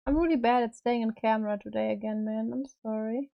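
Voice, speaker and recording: A woman's voice: a little high, fast, vocal fry, lo-fi sound. A woman live-streaming as she paints a figure, talking in a loose, rambling way full of fillers and casual swearing.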